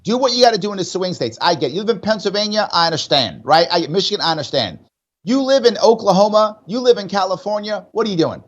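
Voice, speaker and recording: Emphatic New York man, lively pitch. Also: quick pace, dull audio. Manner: emphatic, rhetorical questions. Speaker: political guest. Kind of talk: political interview on radio.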